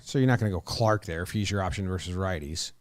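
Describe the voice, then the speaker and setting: A man's voice: low voice, fast, no room sound. Rambling man on a dry mic. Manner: rambling, loose, swears casually. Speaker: podcast co-host. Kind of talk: casual sports podcast chat.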